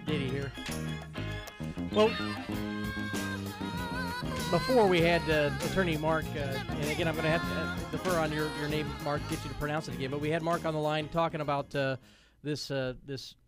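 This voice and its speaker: Talk radio host, a man with a slightly high voice, halting delivery, music playing underneath. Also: steady tone. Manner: brief interjections, hesitant fillers. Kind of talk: radio interview.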